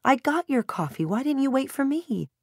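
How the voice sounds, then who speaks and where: A woman's voice: high voice, very animated, normal speed, no room sound, clean studio sound, pitched above the performer's own voice. A woman voicing an older mother and grandmother, speaking in a soothing, patient, insistent way. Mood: worried.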